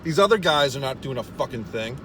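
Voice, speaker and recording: Mid-range in pitch, expressive and brisk, the man's fairly bright voice comes through with a slight hiss or hum. The vlogger rants comically from a parked car, exasperated, swearing constantly, and laughing at himself throughout this profane storytelling bit.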